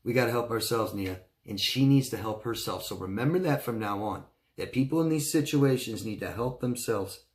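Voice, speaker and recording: A man working as a relationship coach, answering viewer questions in a reassuring way and often checking in with "okay?". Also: normal speed. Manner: acts out quoted friends in a higher, excited voice.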